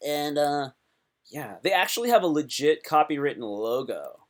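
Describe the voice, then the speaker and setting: A man hosting a casual live stream, excitable and rambling, often breaking off mid-thought. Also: a little high, normal speed.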